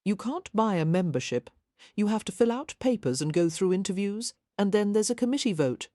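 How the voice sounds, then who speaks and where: A woman's voice: medium pitch, expressive, brisk, mellow, dry recording, clean studio sound, voice pushed up, close to an everyday voice. A woman voicing an eccentric young noblewoman, earnest and blunt, often exasperated, in an audiobook.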